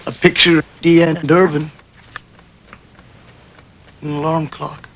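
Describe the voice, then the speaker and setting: An older man, a war veteran, telling his memories in a documentary interview with plain, unhurried storytelling. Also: on the high side, flat delivery, a bit bright, lo-fi sound, a little hiss or hum.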